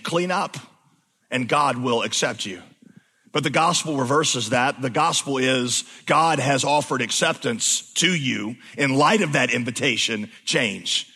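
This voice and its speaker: Guy preaching in a big church, high breathy voice, goes quiet then loud, lots of reverb. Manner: swings from hushed, slow emphasis to loud exclamation. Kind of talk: sermon. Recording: long hall reverb.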